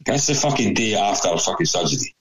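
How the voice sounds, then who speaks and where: Man, deep register, rambling swear-heavy storyteller; busy crowd behind him. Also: lively intonation, fast, low-quality recording. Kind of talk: casual anecdote.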